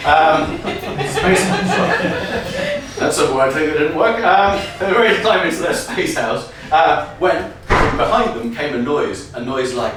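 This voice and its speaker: A man telling an improvised comic story on stage, energetic and often laughing as he riffs on audience prompts. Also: fairly high pitch, normal speed, few pauses, music in the background. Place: comedy venue stage. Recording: echoey room from far off, faint noise.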